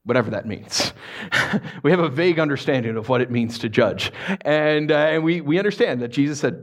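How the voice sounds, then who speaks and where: A man's voice: mid-range voice, normal speed. A man preaching a sermon to a live congregation, telling stories in a playful way and asking his listeners questions. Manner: animated, playful storytelling with audience questions. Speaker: pastor.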